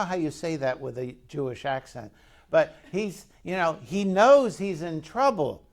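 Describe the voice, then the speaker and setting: Slow, gravelly preaching man. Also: on the high side, expressive. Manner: asks the congregation questions, storytelling tone. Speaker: pastor. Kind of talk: conversational sermon.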